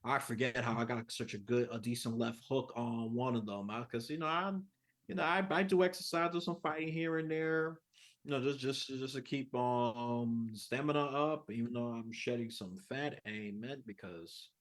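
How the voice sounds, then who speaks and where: A man with a New York accent, a podcast guest talking in a casual, animated way, going from soft to loud. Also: mid-range voice, moderate pace. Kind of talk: casual interview chat.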